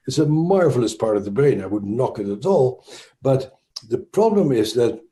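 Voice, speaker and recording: Mellow-voiced Dutch-accented man explaining. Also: mid-range voice, sing-song, moderate pace. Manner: thoughtful, with frequent restarts and fillers. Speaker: trauma expert guest. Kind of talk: explanatory interview talk.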